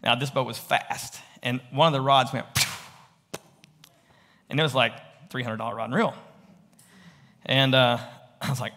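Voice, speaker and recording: A man's voice: mid-range voice, steady tone, fairly quick, sharp tone. A man preaching a storytelling sermon in a conversational, rambling way, often checking in with the listeners. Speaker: pastor. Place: church. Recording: echoey church hall.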